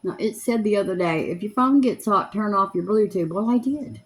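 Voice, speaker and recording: Seated in a chair at home, a chatty woman in her seventies does her makeup for her vlog and rambles on in a homespun, casual way. She has a medium-pitched, animated voice and keeps a moderate pace.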